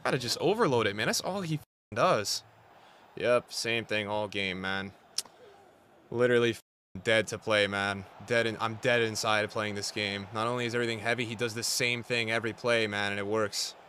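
A man's voice: on the low side, moderate pace, sharp tone, slight background noise. A young man streaming live gameplay and talking to his chat, frustrated and trash-talking as he plays.

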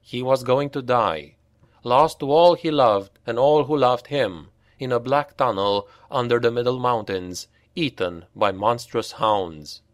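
A man narrating a dark fantasy audiobook in a grave, unhurried storytelling voice, on a close mic. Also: medium pitch, no room sound. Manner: unhurried, grave storytelling that lifts for shouted dialogue.

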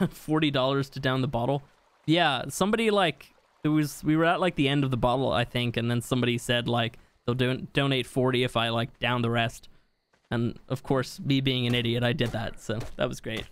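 A man's voice: medium pitch, steady tone, fairly quick, clear, resonant tone, dry recording. Chatty young man streaming a game. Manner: chatty, reads viewer comments aloud, laughs easily. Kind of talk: casual live-stream chat while gaming.

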